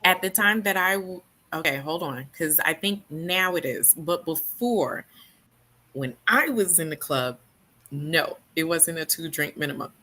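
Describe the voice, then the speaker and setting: A young woman from New York telling a story in casual chat, animated, often laughing and loudly acting out what people said. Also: deep voice, measured pace, slight background noise. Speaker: book club host.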